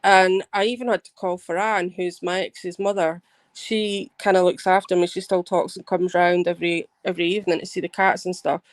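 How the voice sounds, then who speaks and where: A woman hosting a livestream, telling a rambling story in an animated way, swearing and restarting her sentences. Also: on the low side, fairly quick, no echo. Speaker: livestream host. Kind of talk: casual livestream chat.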